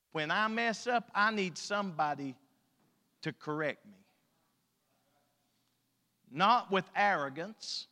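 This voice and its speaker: A male pastor preaching a sermon, emphatic and folksy, his loudness rising and falling. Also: sits high, clear, resonant tone. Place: church sanctuary. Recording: long church hall reverb.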